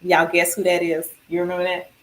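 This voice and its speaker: Animated woman telling her story. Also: lowish voice, fairly quick. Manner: animated, acts out quoted dialogue, laughs often. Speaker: cancer survivor sharing her story. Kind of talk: casual storytelling chat.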